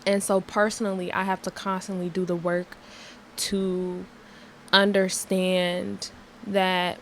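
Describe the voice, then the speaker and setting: A woman's voice: lowish voice, flat delivery, takes it slowly, a little hiss or hum, low-quality recording. A young woman hosting her podcast, telling a story in a candid, emphatic rant with many filler words. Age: young adult. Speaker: podcast host.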